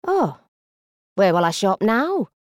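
A woman voicing a chatty, self-satisfied elderly customer who speaks sagely and slowly. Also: mid-range voice, very animated, dry recording, clean studio sound, pitched above the performer's own voice. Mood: prim. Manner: sage, self-satisfied, slow.

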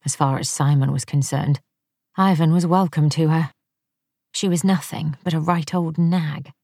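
A woman narrating an audiobook in a measured, wry storytelling manner. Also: deep voice, fairly even intonation, creaky, dark tone, no echo, clean studio sound.

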